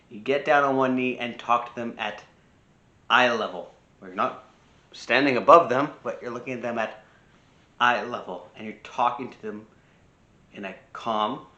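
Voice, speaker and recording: A man's voice: mid-range voice, bright, forceful tone, echoey room, muffled recording. A man giving casual spoken advice on parenting, talking freely with restarts and acting out short quoted lines. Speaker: personal growth speaker.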